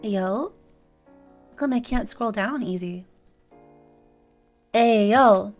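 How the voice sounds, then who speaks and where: A woman's voice: medium pitch, expressive, a little slow, darkish tone. A young woman streaming as a VTuber, chatting casually with her viewers in a playful, rambling way. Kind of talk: casual livestream chat with viewers. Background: faint background music.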